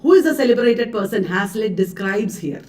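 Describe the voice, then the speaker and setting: A woman's voice: mid-range voice, animated, moderate pace, darkish tone, distant mic. A woman with an Indian accent coaching students live on literature exam questions, chatty and laughing often, mixing in Hindi words. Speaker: literature teacher.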